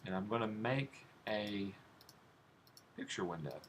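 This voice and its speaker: A man's voice: lowish voice, a little slow. A man teaching a design class, demonstrating steps on a computer as he goes and asking his students questions. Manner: relaxed, talks while clicking through steps, asks students questions. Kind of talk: live classroom software demonstration. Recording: faint background noise.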